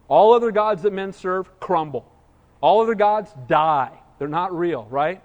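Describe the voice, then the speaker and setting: A male pastor preaching an expository sermon, animated, acting out quoted voices and asking for the congregation's agreement. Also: high-pitched, unhurried, big-room sound, highs cut off.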